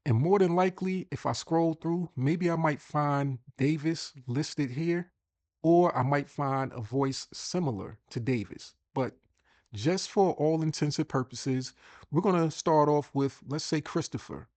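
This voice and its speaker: A man's voice: a little high, measured pace, a little mellow, dry recording. A man hosting a casual screen-share tutorial, chatty and thinking aloud as he repeats himself. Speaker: host.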